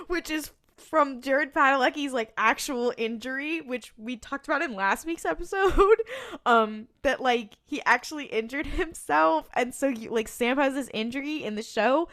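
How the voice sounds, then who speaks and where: A woman co-hosting a podcast, casually retelling a TV episode scene by scene with many fillers and quick laughs. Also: sits high, lively intonation, fairly bright tone. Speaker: podcast co-host. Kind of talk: casual recap chat.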